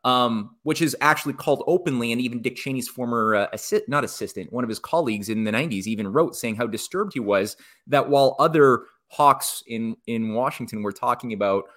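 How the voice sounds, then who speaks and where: A male guest giving political commentary in conversation, rambling with frequent restarts and animated asides. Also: mid-range voice, a little fast, hardly any pauses.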